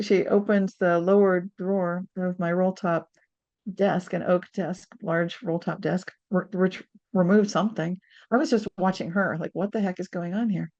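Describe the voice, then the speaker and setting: Lively storytelling woman in her sixties. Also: on the low side, lo-fi sound. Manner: animated storyteller, acts out quotes. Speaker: author guest. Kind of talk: storytelling interview.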